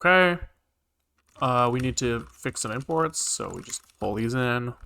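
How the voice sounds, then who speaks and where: A man's voice: medium pitch, lively intonation, a little slow, creaky, pushed and bright, clean tone. A man streaming live coding, rambling casually with lots of fillers and the odd swear as he thinks aloud. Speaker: programming streamer.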